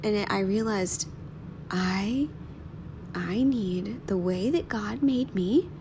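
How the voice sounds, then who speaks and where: Soft-spoken woman with a gravelly edge. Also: mid-range voice, background noise. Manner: soft, earnest, often drops to a near-whisper. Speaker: podcast host. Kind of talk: reflective devotional talk. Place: at home.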